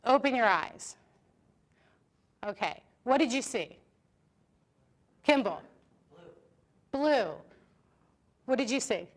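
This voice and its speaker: A woman with a high voice gives a public lecture on a stage. She talks in a chatty, lively way and keeps turning to the audience with questions. Now and then she drifts off the microphone. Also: measured pace, long pauses. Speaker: art therapy professor giving a lecture. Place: lecture hall with live audience. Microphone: stage microphone, sometimes moving off it.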